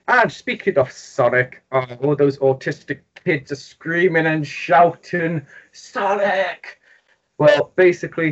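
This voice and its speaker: A young man with a Geordie accent from North East England, co-hosting a casual gaming podcast with quick, jokey, rambling talk. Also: fairly high pitch. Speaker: podcast co-host. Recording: dull lo-fi podcast audio.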